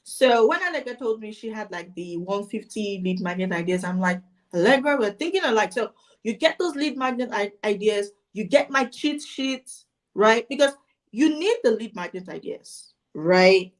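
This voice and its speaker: A woman marketing coach telling client stories in casual, animated conversation. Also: mid-range voice, moderate pace. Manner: animated storytelling, voices her clients.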